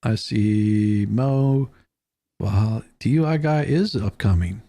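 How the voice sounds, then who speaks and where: Male host, gravelly husky voice, chatty, swears and laughs through stories. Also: fairly low pitch, slow, warm tone. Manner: laughing, storytelling, casual swearing. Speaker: show host. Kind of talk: casual live-stream chat.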